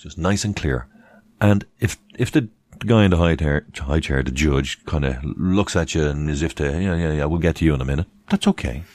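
A man talking through legal advice in a casual, emphatic monologue, repeating points and adding mocking asides. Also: low-pitched. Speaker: presenter giving legal advice.

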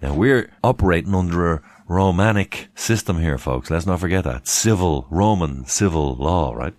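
A man's voice: sits low, lively intonation, moderate pace, darkish tone, dry recording. A man hosting a live stream, chatting casually, asking rhetorical questions and thanking viewers by name. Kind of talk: casual live-stream talk reading chat.

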